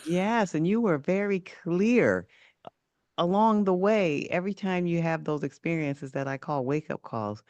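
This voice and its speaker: Higher-pitched male host, dry close sound. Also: darkish tone, smooth, no echo. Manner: measured, affirming questioner. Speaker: podcast host. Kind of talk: interview.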